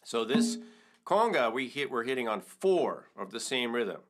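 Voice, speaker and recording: Middle-aged guy teaching congas, medium pitch, talks slow, counts beats out loud, drums going in the background. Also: sing-song, loud music behind the voice. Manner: counts and sings rhythms aloud, breaks into vocables. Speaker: percussion teacher. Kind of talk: relaxed step-by-step drum lesson. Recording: congas and wood block playing behind the voice.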